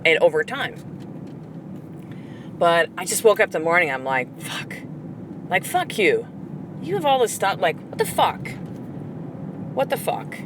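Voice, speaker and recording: A woman's voice: low-pitched, noisy background. Blunt, profane woman podcast host. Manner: blunt, profane, fired-up coaching talk. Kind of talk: motivational podcast monologue.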